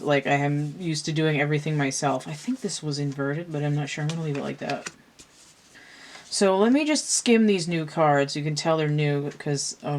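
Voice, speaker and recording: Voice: mid-range voice, slight background noise. A tarot reader talking casually through a card spread, musing aloud, tired from pain. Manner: slow, musing, thinks aloud with restarts.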